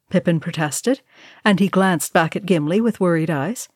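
A woman reading a chapter of a fantasy novel in calm, measured narration. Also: on the low side, no echo, clean studio sound. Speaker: audiobook reader. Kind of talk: scripted narration.

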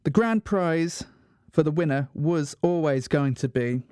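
A man's voice: on the high side, lively intonation, unhurried, darkish tone, clean tone, no room sound, clean studio sound. A man presenting a radio show in a mock-serious, self-mocking monologue. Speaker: radio host.

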